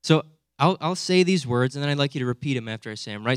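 A man's voice: medium pitch, fast, clean tone, no room sound. Conversational young male preacher, dry sound. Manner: animated, conversational preaching with frequent "right?" asides. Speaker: pastor. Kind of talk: sermon.

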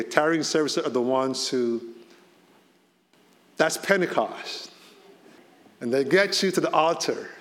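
A man, a pastor, preaching a sermon in a conversational way, his voice rising to stress key points. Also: mid-range voice. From Boston area. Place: church hall. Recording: long hall reverb.

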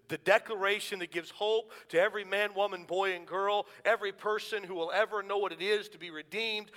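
A man's voice: sits high, bright, forceful tone, long reverb tail. A man preaching a sermon, earnest and rhetorical, stacking questions and building to emphatic declarations.

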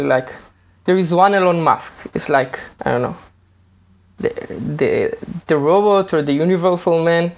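A man's voice: on the high side, creaky. Hesitant man, interview guest. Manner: hesitant, repeats words while searching for phrasing. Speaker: guest, developer. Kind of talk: casual interview.

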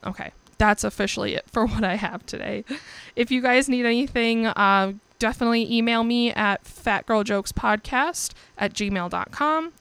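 A woman's voice: mid-range voice, creaky, fairly bright tone, smooth, no room sound. A young woman hosting her own podcast, chatting casually and candidly, swearing freely and laughing often. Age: young adult. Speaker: podcast host. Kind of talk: casual solo podcast chat.

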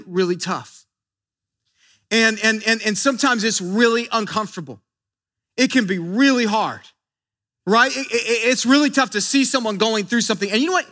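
A man's voice: very high voice, sharp tone. A man preaching a sermon in an earnest way, often repeating words as he builds emphasis. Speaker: pastor.

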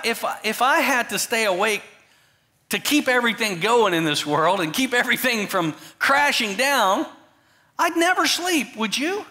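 In his animated sermon, the male pastor shifts between emphatic, loud outbursts and low, quiet asides.

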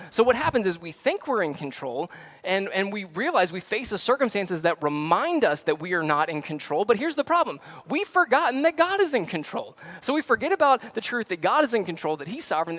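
Man, pastor, sermon, casual talk, fairly high voice, dramatic swings in volume. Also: very animated, brisk. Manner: conversational, dramatic swings from hushed to loud.

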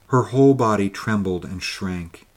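A man narrating a ghost story in a measured, wistful way. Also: fairly low pitch. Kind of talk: scripted narration.

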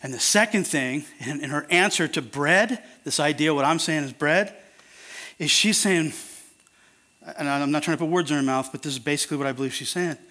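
A man's voice: fairly high pitch, fairly quick, sharp tone. A man preaching an earnest, conversational sermon that turns emphatic at times.

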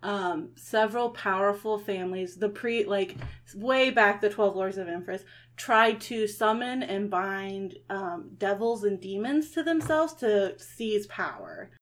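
A woman's voice: mid-range voice, animated, measured pace. A woman narrating as game master of a tabletop game, rambling with lots of fillers.

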